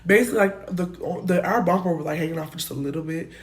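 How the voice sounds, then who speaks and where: A young woman telling a casual storytime, animated and slangy, swearing freely and jumping between loud bursts and muttered asides. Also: on the low side, quick pace, a little hiss or hum. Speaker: storytime vlogger.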